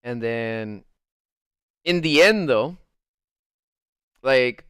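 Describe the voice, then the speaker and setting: A man's voice: mid-range voice, expressive, drawn-out words, fairly bright tone, clear, resonant tone, no echo, studio quality. A young man streamer telling a personal story in casual chat, rambling with lots of fillers and the odd swear. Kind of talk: casual storytime while gaming.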